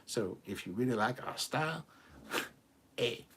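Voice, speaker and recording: A man's voice: medium pitch, lively intonation, slow pace, fairly bright tone, husky. A man hosting a live stream, reading viewer comments aloud in a chatty, joking way. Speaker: livestream host reading chat. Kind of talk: casual live chat.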